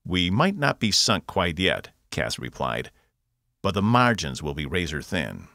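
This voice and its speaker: Man playing a scheming crew officer, gravelly, urgent, lively delivery. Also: low voice, measured pace, no room sound, studio quality, full character voice. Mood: calm. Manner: hushed, urgent.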